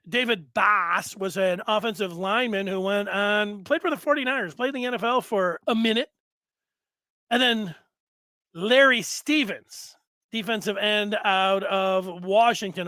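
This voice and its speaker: Animated high-voiced sports talk host. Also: male voice, no room sound. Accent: Michigan. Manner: animated storytelling, acts out quotes, frequent fillers. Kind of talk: casual sports talk on video.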